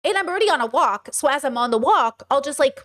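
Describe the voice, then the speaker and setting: Woman from the US, high voice, animated and rambling, casual co-host. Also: quick pace. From United States. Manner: animated, rambling, expressive, swearing. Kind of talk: casual discussion.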